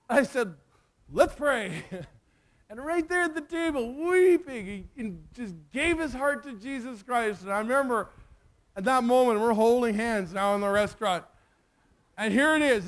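Male preacher, high voice, emotional storyteller in a sermon. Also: measured pace. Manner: emotional, animated storyteller who acts out the dialogue.

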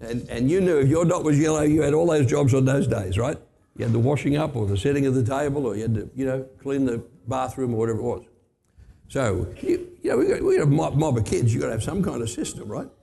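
A middle-aged Australian man preaching a sermon, telling blunt, emphatic stories and jumping up in pitch to stress a point. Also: animated, fast talker, vocal fry, dark tone. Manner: blunt, emphatic storytelling with sudden rises for stress. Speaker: pastor. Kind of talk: sermon with personal anecdotes.

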